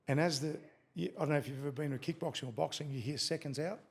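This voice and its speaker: A man's voice: on the high side, fast, few pauses, breathy edge. A middle-aged Australian man telling a story as a podcast guest, swearing freely and acting out quotes. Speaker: guest, former fighter. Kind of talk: casual storytelling in a podcast interview.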